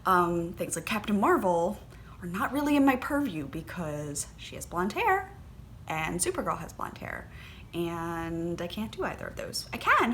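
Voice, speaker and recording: A woman chats casually on her knitting podcast, gushing about her finds with lots of ums and small gasps of delight. Her voice sits a little low for a woman. A faint hiss of background noise sits under the recording. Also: fairly bright tone. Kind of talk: casual chat.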